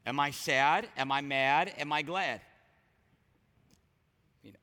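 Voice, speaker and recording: A man preaching a sermon as a pastor, talking in a conversational, animated way with frequent restarts. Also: fairly high pitch, slow pace, in a large hall.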